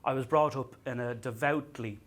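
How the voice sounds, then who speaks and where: A man's voice: mid-range voice, moderate pace. A man performing a stand-up comedy set on a venue stage, self-deprecating, with stammering restarts and acted-out dialogue.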